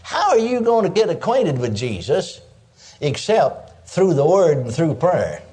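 A man's voice: fairly high pitch, big pitch swings, unhurried, mellow. A man preaching a sermon, emphatic, breaking in with cries of praise and calling on listeners to answer him. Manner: calls for audience response.

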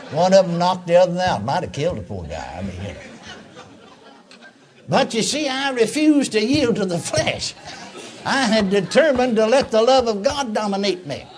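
An older man preaching a sermon, telling a story and acting out the voices in it, with a husky voice. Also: mid-range voice. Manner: animated, acts out quotes, drops to soft tones, chuckles often.

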